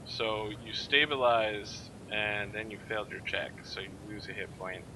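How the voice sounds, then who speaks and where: A man acting as game master, calmly narrating and making rules calls with dry asides. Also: lowish voice, moderate pace, a little hiss or hum, poor audio. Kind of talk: running a tabletop game.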